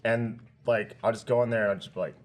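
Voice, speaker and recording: A man's voice: on the low side, steady tone, quick pace. A man on a podcast telling a loose story full of fillers in casual chat. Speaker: podcast regular.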